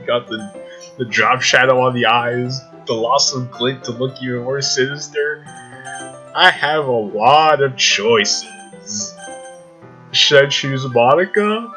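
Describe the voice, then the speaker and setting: A man playing a story game, reading its text aloud and reacting with excited exclamations and frequent laughs. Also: medium pitch, takes it slowly, pauses often, soft background music, rough recording. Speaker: gaming YouTuber.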